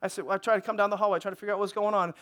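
A middle-aged man preaches a sermon in an unusually high voice for a man. He delivers it with fervor and keeps asking his congregation for an amen. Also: fairly even intonation, racing, fairly bright tone. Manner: impassioned, calls for amens from the congregation. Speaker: pastor.

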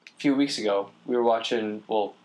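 A man chatting casually as a podcast co-host, telling stories in a relaxed, rambling way. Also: lowish voice, a little fast. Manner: rambling, relaxed storyteller with fillers. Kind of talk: casual chat.

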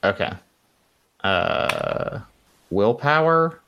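A man's voice: on the low side, sing-song, very slow, gravelly, lo-fi sound. A man running a tabletop game as game master, casual, laughing and swearing freely as he narrates.

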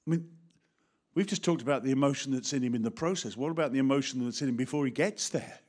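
Animated English preacher, middle-aged man. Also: medium pitch, fast talker. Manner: animated, acts out voices, talks directly to the congregation. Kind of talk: sermon.

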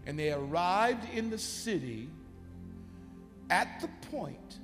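A man preaching a sermon as a bishop, retelling scripture with animated delivery and shouting at its peaks. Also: high voice, slow pace, in a large hall, music in the background. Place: church sanctuary.

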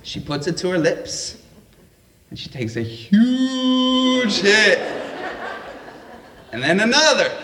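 A man's voice: on the high side, bright, forceful tone, distant mic. A man telling a comedic story on stage at a live event, wry and self-deprecating. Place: live event at a public library. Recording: echoey live room.

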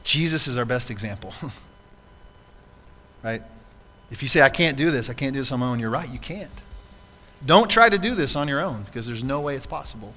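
A man's voice: medium pitch, animated, brisk, sharp tone, big-room sound. A man preaching a sermon to his congregation in a church, earnest and conversational, often asking rhetorical questions. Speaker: pastor. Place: church sanctuary.

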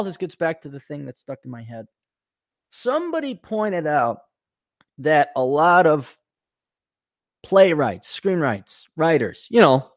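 A man's voice: high-pitched, dry recording, studio quality. A man hosting a podcast, ranting sarcastically and swearing, often mocking characters in put-on voices. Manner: swears, animated and indignant. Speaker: podcast host. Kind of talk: casual ranting monologue.

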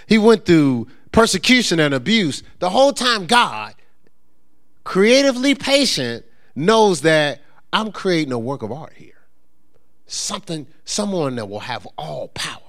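Male pastor, sermon delivery, slightly high voice with wide, lively inflection. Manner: animated preaching with rising emphasis and quoted voices; drops into a low, soft storytelling voice.

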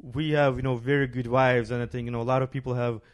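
An easygoing man talking on a podcast at a middle pitch. He explains his points casually, leaning on fillers as he goes. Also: level tone, quick pace. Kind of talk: casual chat.

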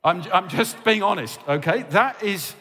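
Impassioned pastor in a reverberant hall. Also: male voice, sits high, animated, a little slow, sharp tone. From England. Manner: impassioned and pleading, with frequent "okay?" check-ins. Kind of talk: sermon.

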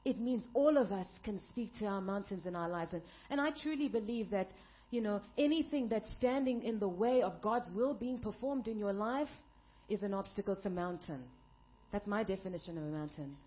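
A woman pastor delivering an emphatic sermon, building up to shouted peaks. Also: medium pitch, brisk, lo-fi sound.

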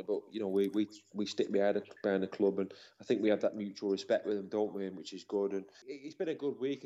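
Man, low voice, rambling chatty co-host, dull lo-fi recording. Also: darkish tone. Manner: chatty, rambling, emotional storytelling. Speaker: podcast co-host. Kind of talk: casual chat. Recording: dull lo-fi sound.

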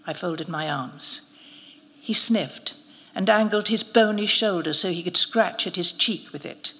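A woman, an actress, reading a short story aloud at a live event in a measured, expressive way. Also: fairly low pitch. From United Kingdom. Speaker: narrator, actress. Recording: reverberant hall at a live event.

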